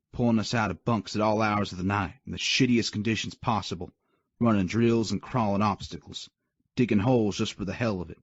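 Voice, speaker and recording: Low-voiced man narrating an audiobook. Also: slightly rough, no room sound. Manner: gritty, profane storytelling. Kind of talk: first-person audiobook narration. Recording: dull dry lo-fi recording.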